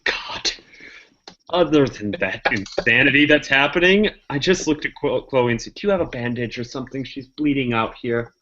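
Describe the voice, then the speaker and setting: Bright-voiced hesitant man player. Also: normal speed. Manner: low-key, hesitant narration of his character. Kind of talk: casual play talk. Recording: dull lo-fi recording.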